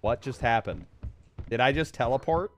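A man streaming a game, commenting live and swearing, swinging from low mutters to loud shouts. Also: lively intonation, moderate pace, a little hiss or hum.

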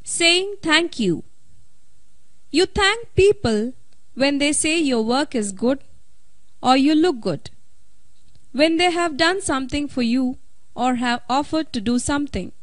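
Slow, high-voiced woman teaching English. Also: lively intonation, no room sound. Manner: slow, deliberate explanation. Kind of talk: scripted instructional narration.

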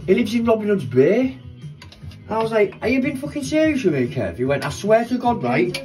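Man, jokey kitchen vlogger, high and animated, music behind. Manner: jokey rambling storyteller. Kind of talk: casual chat while baking. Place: home kitchen. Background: rock music playing from a smart speaker.

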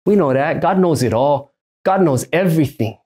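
A man's voice: on the high side, expressive, normal speed, dark tone, slightly rough. A pastor in his thirties from Hawaii preaching a sermon, emphatic and fond of repeating his key lines.

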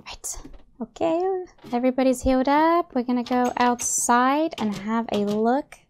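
A young woman commenting on her own game play, excitable and gasping, rambling as she plays. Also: a little high, unhurried. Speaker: gaming YouTuber.

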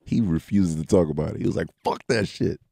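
Male radio DJ host, gravelly and husky, low voice, dry studio, crude joker. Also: quick pace, warm tone, dry recording. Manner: joking, crude banter. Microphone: studio microphone.

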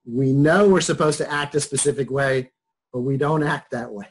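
A man's voice: medium pitch, normal speed, slight background noise. A middle-aged man teaching psychology over a video call, talking casually, joking and chuckling through personal examples. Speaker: psychology instructor. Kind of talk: casual online lecture.

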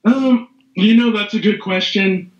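A man's voice: sits high, a little slow. A middle-aged man, a podcast guest, talking casually in a rambling way, with lots of fillers and restarts. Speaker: guest, CBD business owner. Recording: echoey, dull lo-fi room sound.

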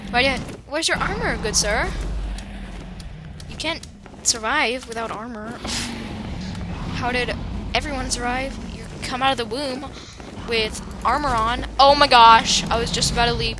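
A gaming YouTuber with a slightly high voice gives playful, silly commentary as she plays a video game, over a noisy background. She tosses jokes at the other players and erupts in dramatic screams and exclamations.

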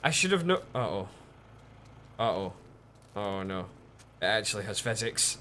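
A man giving casual, lively commentary while streaming a game, chatting with viewers and swearing often. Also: fairly low pitch, normal speed, long pauses, slight background noise.

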